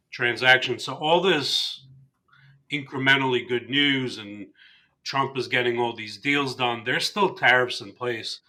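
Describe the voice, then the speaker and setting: Bright-toned man explaining market charts. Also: medium pitch. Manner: explanatory, hedging with "I mean" and "like". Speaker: co-host of a trading show. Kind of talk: casual market chat.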